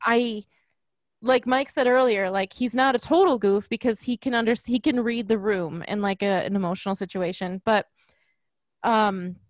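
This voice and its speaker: A woman's voice: mid-range voice, normal speed, dry recording. A woman talking casually about a movie, quoting characters with a raised voice. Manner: animated, quotes characters in a raised voice.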